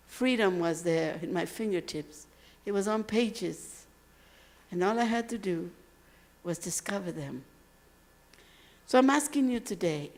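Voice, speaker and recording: A woman from Texas giving a motivational speech at a university, telling stories with emphatic phrasing and dramatic pauses. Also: medium pitch, darkish tone. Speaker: motivational speaker. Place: university lecture hall.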